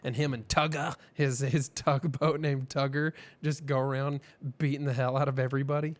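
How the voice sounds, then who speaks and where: A man's voice: medium pitch, level tone, moderate pace. Laid-back joking man on a live show. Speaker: podcast co-host. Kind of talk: casual live-stream chat.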